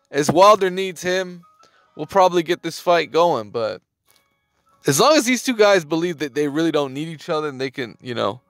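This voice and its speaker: Male sports-channel host, casual emphatic delivery, high voice, dry room, faint music bed. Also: a bit bright, no echo. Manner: emphatic slangy talk, repeats phrases, swears. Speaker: boxing news host. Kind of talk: casual commentary to camera.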